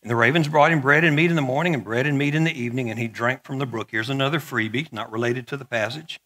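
Husky-voiced bright-toned male pastor. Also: medium pitch, fast talker. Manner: conversational, joking asides, repeats words. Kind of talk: sermon.

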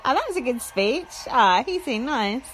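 A woman's voice: sits high, sing-song, moderate pace, a bit bright, slight background noise, poor audio. Sweary woman mocking an awards show. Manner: blunt, sweary, laughs at her own jokes. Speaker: podcast host. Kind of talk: sarcastic running commentary.

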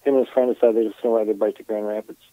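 A man's voice: on the low side, level tone, racing, no echo. Wry middle-aged man on a tinny phone line. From Michigan. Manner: wry, joking storyteller. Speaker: guest. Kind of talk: casual chat.

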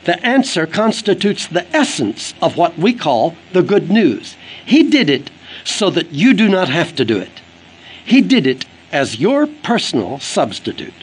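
A man's voice: a little high, sing-song, unhurried, breathy edge, low-quality recording. A man delivering an earnest, emphatic sermon for an audio book, quoting scripture as he preaches. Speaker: evangelist preacher.

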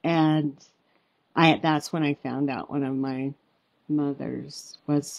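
A woman's voice: low voice, no room sound. Woman guest telling heartfelt family stories. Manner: warm, heartfelt storytelling with quoted dialogue. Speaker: guest author. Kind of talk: podcast interview storytelling.

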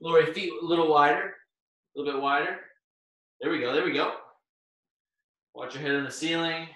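The man leading this live online workout has a fairly high, bright voice, pushed and fairly quick. As the instructor, he exercises along and gets out of breath while cheering people by name; the recording is very echoey, with him far from the mic.

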